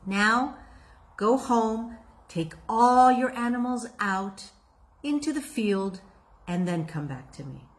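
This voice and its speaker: A woman playing a calm, wise old rabbi. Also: on the high side. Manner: measured, matter-of-fact advice.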